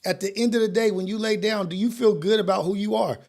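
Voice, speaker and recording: A man's voice: high voice, fairly even intonation, quick pace, darkish tone. A man hosting a talk show, delivering a preachy monologue with street slang and repeated rhetorical questions. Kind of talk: impassioned monologue.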